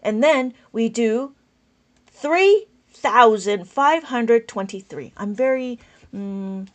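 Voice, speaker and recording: Loud, high-voiced enthusiastic woman teacher. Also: expressive, slow pace. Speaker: abacus teacher. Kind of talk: live-streamed lesson reading viewer comments.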